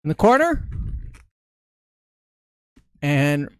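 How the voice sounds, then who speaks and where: A man's voice: fairly high pitch, very animated, very slow, smooth, no echo. A man casually talking viewers through drawing a face on a balloon in a live-stream tutorial, narrating each step as he goes. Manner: chatty, talks through each step as he draws.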